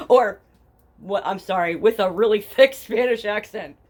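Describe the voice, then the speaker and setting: A woman's voice: medium pitch, slow pace, long pauses, a little mellow. Profane, sarcastic Jersey woman telling true crime. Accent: New Jersey. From New Jersey. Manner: blunt, profane and sarcastic, reads case documents then mocks them. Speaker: true crime podcast host. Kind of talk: casual true crime storytelling. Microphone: headphones with a home mic.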